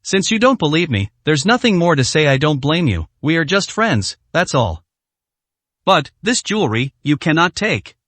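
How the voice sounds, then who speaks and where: A man voicing a calm, indifferent young man who speaks in short, curt sentences in an audio story. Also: fairly high pitch, moderate pace, no room sound. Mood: cold.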